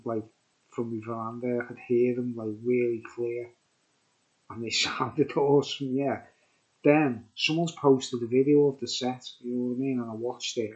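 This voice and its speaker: A man's voice: medium pitch, muffled recording. A man with a Birkenhead Scouse accent, rambling through a casual beer review vlog and often saying "you know what I mean". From Birkenhead, England.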